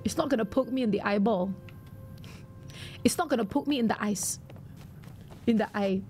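A woman's voice: a little high, moderate pace, darkish tone, soft background music. A woman live-streaming a video game, chatting playfully and reacting to her viewers' messages.

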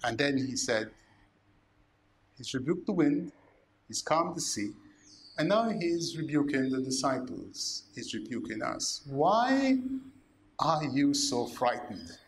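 A man, a priest preaching a sermon, slow and emphatic, asking rhetorical questions. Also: mid-range voice, expressive, gravelly.

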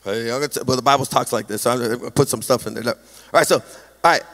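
A man preaching a sermon as pastor, animated with a sing-song emphasis and self-deprecating humor, speaking into a stage microphone in a large church hall. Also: mid-range voice, very fast.

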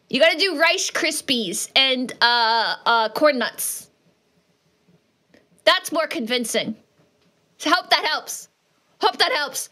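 A woman streaming a game live, chatting with viewers in an animated, jokey way with sudden yelps. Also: sits high, unhurried. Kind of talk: live gaming stream chat. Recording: noisy background.

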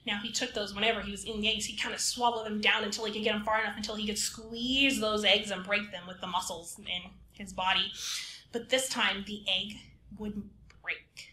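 A woman reading a folk tale aloud for children, animated and playful, acting out the characters as she tells it. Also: medium pitch, brisk, echoey room, a little hiss or hum. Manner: lively, acts out characters in whispers and squeals. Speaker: librarian storyteller.

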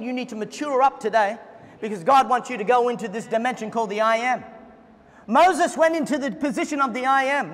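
A man preaching a fervent sermon as pastor at a church service, at times breaking into shouts. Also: very high voice, big-room sound.

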